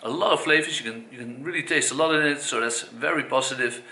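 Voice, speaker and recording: Dutch guy chatting through a review, lots of ums and restarts, really bright sharp voice. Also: medium pitch, fast talker. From Netherlands. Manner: hesitant, many fillers and self-corrections. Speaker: cigar reviewer. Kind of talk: casual spoken review. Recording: echoey room.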